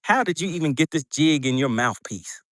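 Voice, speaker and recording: A man's voice: on the high side, animated, normal speed, fairly bright tone, no echo, studio quality. Chatty man on a fishing boat. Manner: chatty, reads viewer comments aloud, laughs often. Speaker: fishing livestream host. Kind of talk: casual livestream chat.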